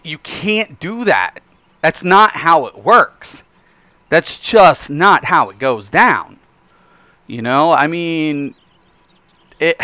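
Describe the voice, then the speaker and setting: A man's voice: fairly high pitch, bright, forceful tone, clean tone, no room sound. A man ranting casually on a live game stream into his desk microphone, emphatic and repetitive with lots of fillers. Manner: emphatic, repeats himself, frequent fillers.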